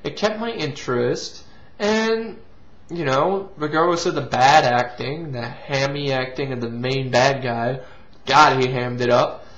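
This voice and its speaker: A man's voice: mid-range voice, measured pace, fairly bright tone. A man hosting a casual movie review, rambling with restarts and casual swearing. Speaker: movie reviewer and show host. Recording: lo-fi, dull sound.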